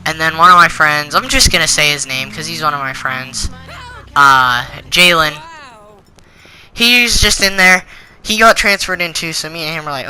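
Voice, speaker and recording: Very bright teenage boy ranting. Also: on the high side, normal speed, faint music behind, low-quality recording. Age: teens. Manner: indignant, rambling with many fillers. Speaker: channel host. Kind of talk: storytime rant.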